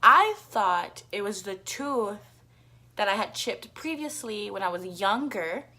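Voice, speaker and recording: A woman tells a story to her vlog audience in a loose, rambling way. Her speech is thick with filler words and casual swearing, and she coughs now and then. Her voice sits at an ordinary middle pitch for a woman. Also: animated, a little slow, sharp tone. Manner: rambling, full of "like" fillers, profane. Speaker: vlogger.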